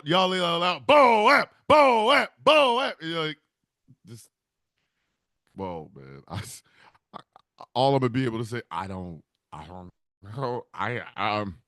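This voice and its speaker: Male host, high lively voice, laughing rambling storyteller, dry close sound. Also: no room sound. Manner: laughing, animated storytelling with swearing. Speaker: show host. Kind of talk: comedic rambling talk show.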